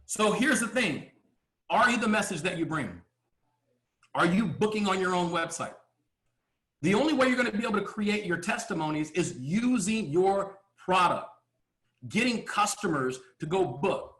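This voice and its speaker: A man giving a motivational business coaching talk, emphatic, asking rhetorical questions and often clearing his throat. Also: high voice, expressive, moderate pace, fairly bright tone, echoey room.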